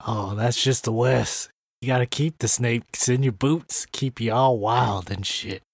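A man speaks in a slow, goofy drawl. His voice is gravelly and a little husky, recorded close and dry. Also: medium pitch, steady tone, no echo.

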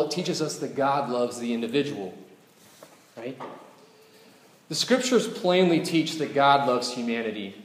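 A man preaching a sermon as a pastor. He talks in a conversational way and often puts rhetorical questions to the congregation. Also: fairly high pitch. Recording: echoey hall with long reverb.

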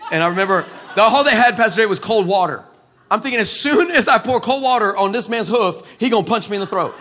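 A man from El Paso preaching a comic storytelling sermon, animated and sarcastic, with many stammered restarts. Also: high-pitched, fast, a little hiss or hum. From El Paso, West Texas, USA. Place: church.

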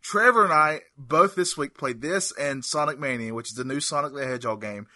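Joking guy on a game podcast, bright voice, dry mic, sarcastic. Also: mid-range voice, no echo. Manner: joking, sarcastic, drawn-out asides. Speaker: podcast co-host. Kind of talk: casual chat about retro games.

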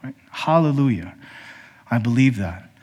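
A man preaching a sermon to his congregation, emphatic and direct, calling them brothers and sisters, swinging from high pointed questions down to low, quiet statements. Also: animated, a little slow, breathy edge. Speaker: pastor.

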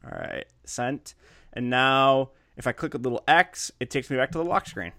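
A man's voice: medium pitch, animated, normal speed, pushed and bright, dry recording, low-quality recording. A man co-hosting a podcast, chatting casually and laid-back about phones and gadgets. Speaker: podcast co-host. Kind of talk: casual tech chat.

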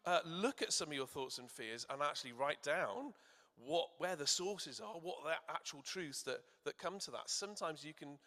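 A man preaching in a church, warmly encouraging and asking the children to call out answers. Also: on the high side, in a large hall. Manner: encouraging, asks the audience to shout answers. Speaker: church speaker. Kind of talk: sermon with questions to children.

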